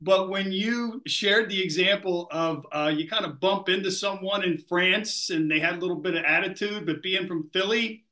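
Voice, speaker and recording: A man's voice: sits high, moderate pace, hardly any pauses, pushed and bright. A man co-hosting a talk show, praising his guest at rambling length. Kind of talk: interview hosting.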